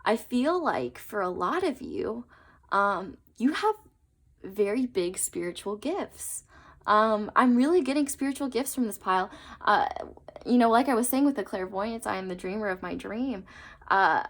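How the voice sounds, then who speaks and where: A woman's voice: mid-range voice, animated, unhurried. A young woman giving a casual tarot reading to her viewers, chatty and earnest, with plenty of fillers and trailing asides. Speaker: tarot reader.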